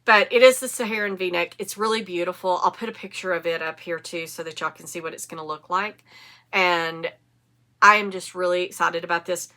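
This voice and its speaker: A woman's voice: on the low side, brisk, sharp tone. A woman in her fifties hosting a knitting podcast, chatting casually in a rambling way and correcting herself as she goes. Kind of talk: casual chat to camera.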